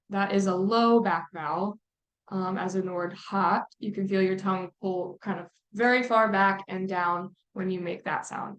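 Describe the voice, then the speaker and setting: A woman lecturing on vowel sounds in a relaxed, explanatory way, often pausing with "um". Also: mid-range voice. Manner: relaxed explaining with frequent ums. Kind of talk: phonetics lecture.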